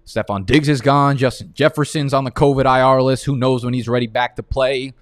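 A man's voice: medium pitch, brisk, hardly any pauses, dry recording. A man hosting a live fantasy football draft, talking in a casual, rambling way and swearing freely. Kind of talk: live-streamed draft commentary.

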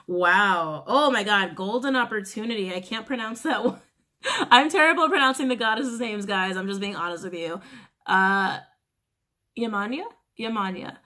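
A woman giving a casual tarot reading, blunt and frank, who curses freely, repeats key phrases and often clears her throat. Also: medium pitch, moderate pace, sharp tone. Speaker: tarot reader.

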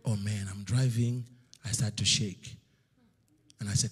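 A middle-aged male preacher telling a story in a sermon, swinging between loud slow outbursts and hushed near-whispers. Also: fairly low pitch, fairly even intonation, slightly rough. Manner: storytelling, acts out God's voice in loud slow bursts.

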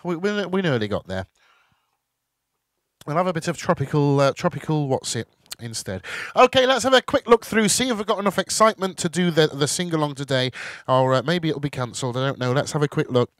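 A man's voice: on the high side, lively intonation, a little fast, no echo. A man hosting a casual live chat show, reading out viewer messages in a chatty, self-deprecating way with jokey asides. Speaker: host.

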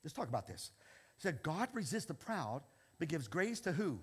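An older man preaching a sermon as pastor, animated and often checking in with "okay?". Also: on the high side, normal speed, slightly rough. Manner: animated, repeats "okay?" often, laughs between lines.

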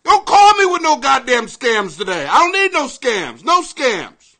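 A male comedian hosting a live podcast, ranting to his viewers in an excitable, profane, rambling way and apologizing often. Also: very high-pitched, a little slow, slight background noise.

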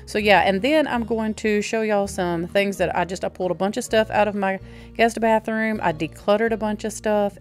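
Lady vlogger rambling on, friendly, says y'all a lot, laughs here and there. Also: mid-range voice. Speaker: vlog host. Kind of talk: casual chatty voiceover and haul talk. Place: home.

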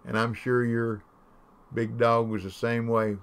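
A man with a drawl talks easily as he streams a game, at an ordinary middle pitch. He drifts from one homespun story to the next in a loose, rambling way. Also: level tone, measured pace, clear, resonant tone. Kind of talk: casual chat while gaming.

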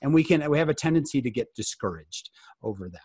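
A man's voice: medium pitch, quick pace, slightly rough, dry recording, studio quality. A man giving a casual, joking fireside talk to youth over a video call, often asking his listeners questions. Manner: joking, animated, asks the audience questions. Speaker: guest speaker answering youth questions.

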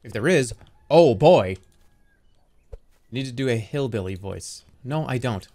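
Animated, rambling male streamer. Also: medium pitch, unhurried. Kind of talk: live gameplay commentary.

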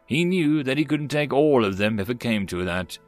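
A man narrating a science-fiction short story in a measured audiobook style. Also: mid-range voice, expressive, faint music behind. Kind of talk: scripted narration.

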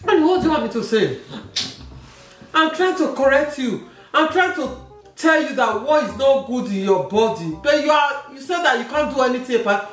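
A woman's voice: high voice, expressive, normal speed. A woman hosting a couple's prank vlog, teasing her husband and then pleading and laughing. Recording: echoey room, mic at a distance, faint music.

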